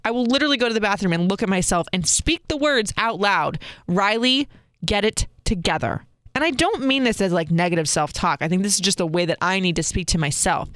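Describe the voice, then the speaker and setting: A woman is telling viewers a personal story, open and expressive as she goes. Her voice is smooth and clear. The recording is dry and close. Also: medium pitch, fast talker, hardly any pauses, no echo. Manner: candid and expressive, talks straight to viewers. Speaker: vlogger.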